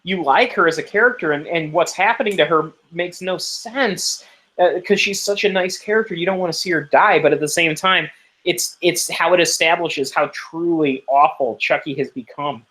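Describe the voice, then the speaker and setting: A man co-hosting a podcast, offering thoughtful, measured comments on a horror film. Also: a little high, sharp tone. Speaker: podcast co-host. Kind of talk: casual movie review chat.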